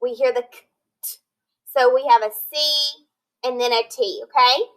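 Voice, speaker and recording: A woman teaching a recorded phonics lesson to children, speaking slowly and clearly, sounding out words and encouraging them. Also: high voice, fairly bright tone, rough recording.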